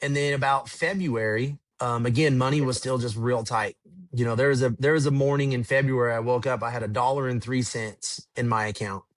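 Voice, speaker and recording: A man's voice: mid-range voice, fairly even intonation, a little fast, no room sound. A man telling stories in a casual podcast chat, rambling and laid-back, swearing now and then. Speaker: podcast guest, tour manager. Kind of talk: casual storytelling.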